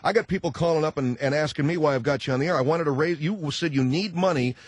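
A male radio talk show host who grills a caller with sarcasm and rapid-fire questions. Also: a little high, dry recording.

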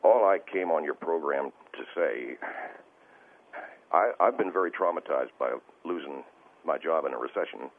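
A male caller on a radio show, talking in a halting, stammering and distressed way over the phone. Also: very deep voice, animated. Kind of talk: call-in radio conversation. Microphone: telephone. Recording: tinny phone line with faint hiss.

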